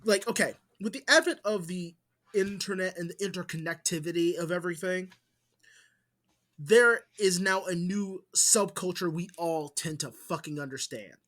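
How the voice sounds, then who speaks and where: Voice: mid-range voice, moderate pace, fairly bright tone. A podcast co-host in casual chat, blunt and jokey, swearing for emphasis.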